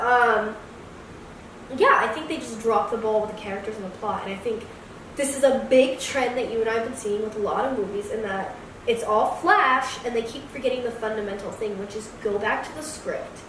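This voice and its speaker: A woman co-hosts a casual movie review podcast, giving blunt, strong opinions and livening things up with mock voices. Her voice sits on the high side and moves a little fast. The room is echoey, the mic distant, and there's a faint hiss or hum.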